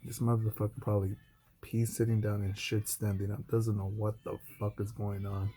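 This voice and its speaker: A former Marine speaks to camera in a loose, profane monologue, his voice dark and mellow. He tells his story bluntly, breaking off and restarting his sentences, while faint music plays underneath. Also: little pitch movement, normal speed. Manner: mimics others in a high mocking voice. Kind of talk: unscripted vlog monologue.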